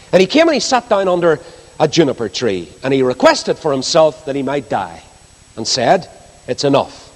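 A male preacher with a fairly high voice, reading scripture and swinging widely in pitch for emphasis. He breaks off into asides to the congregation. His voice carries a long reverb, as in a large hall. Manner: expressive, rising and falling emphasis, asides to the congregation.

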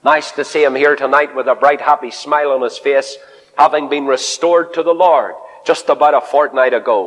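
Emphatic preacher in a reverberant hall. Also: male voice. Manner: emphatic, swinging between loud high exclamations and low asides. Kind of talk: evangelistic sermon with anecdotes.

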